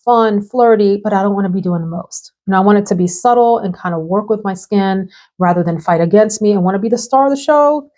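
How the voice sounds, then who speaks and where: A woman's voice: medium pitch, warm tone. Bubbly chatty woman reviewing perfumes. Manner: bubbly, chatty, laughs often. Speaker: fragrance reviewer. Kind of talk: casual chat to camera. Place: home room with perfume shelves behind.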